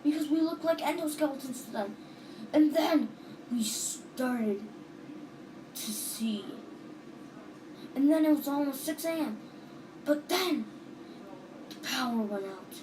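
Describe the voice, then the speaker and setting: A woman's voice: sits high, animated, slow pace, pauses often, noisy background. A woman casually retelling a dream, rambling and restarting with lots of "and then", on a home recording. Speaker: storyteller.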